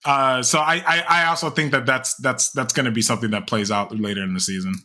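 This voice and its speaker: A man's voice: medium pitch, fairly even intonation, quick pace, bright, forceful tone. Chatty young man rambling between restarts. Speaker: podcast co-host. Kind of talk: casual chat.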